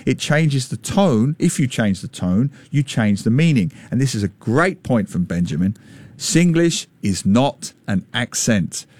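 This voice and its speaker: A man hosting a radio talk show, his pitch swinging widely as he makes his points. He sounds opinionated and animated, close to a studio microphone in a dry, dead room. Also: a little slow, no room sound. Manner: animated, opinionated, mimics voices in anecdotes.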